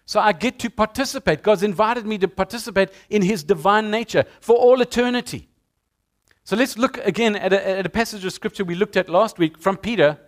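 A man's voice: high voice, a little fast. A male pastor preaching a sermon in a conversational way to his congregation in a church. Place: church sanctuary.

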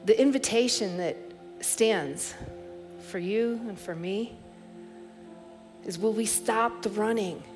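Reflective woman preaching a sermon. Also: medium pitch. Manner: reflective, storytelling, many soft restarts. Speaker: pastor.

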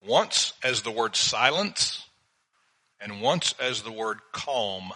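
An older man delivers a sermon at an unhurried pace. His voice is bright and crisp, and his Bible readings are measured and deliberate. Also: on the low side, lively intonation, low-quality recording. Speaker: pastor.

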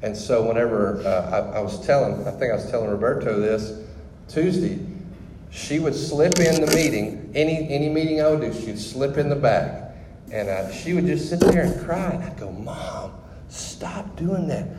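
A man's voice: mid-range voice, moderate pace, reverberant, big-room sound, background noise. A man sharing his personal testimony with a group, talking candidly and conversationally with frequent restarts.

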